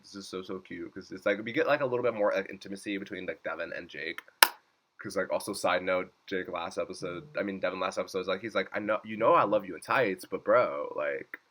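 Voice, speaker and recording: A man giving a casual episode recap, animated, swearing freely and breaking into laughter and squeals. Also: lowish voice. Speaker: YouTube reviewer.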